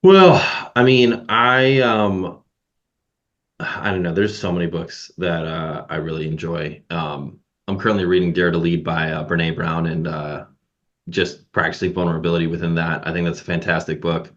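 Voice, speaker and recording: A man's voice: low voice, fairly even intonation, normal speed, lo-fi sound. A man in a podcast conversation, explaining his points and acting out tones of voice.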